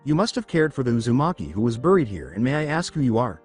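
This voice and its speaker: A man's voice: medium pitch, big pitch swings, quick pace, breathy edge, soft background music. A man voicing a brash, eager young boy ninja in a fan-made storybook narration, reading the lines plainly. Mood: explaining.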